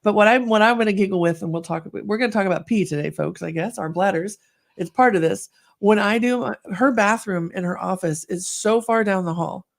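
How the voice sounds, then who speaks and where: A middle-aged woman in easy podcast conversation with a touch of gravel in her voice. She tells stories animatedly and jumps into the voices of the people she quotes. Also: medium pitch, brisk. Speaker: podcast co-host. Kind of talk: casual podcast chat.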